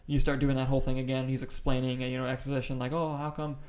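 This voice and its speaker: Speaking rapid-fire in a flat, mid-range voice with a darkish tone, this podcast co-host chats casually about movies. He's loose and excited, swearing a lot and using plenty of fillers.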